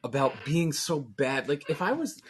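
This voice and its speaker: A man's voice: a little high, big pitch swings, normal speed, crowd noise. A man in his forties, a podcast co-host, telling swear-filled stories in casual chat and laughing as he goes. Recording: live stream podcast.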